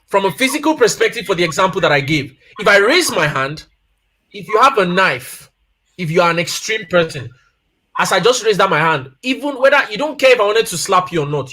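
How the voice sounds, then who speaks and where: A man's voice: sits high, bright, forceful tone, a little hiss or hum. A man in his thirties or forties talking casually about family life, telling personal stories and repeating key points for emphasis. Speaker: guest speaker on family life.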